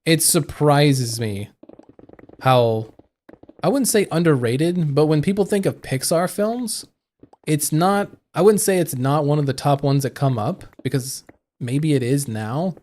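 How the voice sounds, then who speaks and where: A man's voice: on the high side, a little slow, a little mellow. A young man streaming live, chatting casually and rambling with lots of fillers and restarts. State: hiccuping.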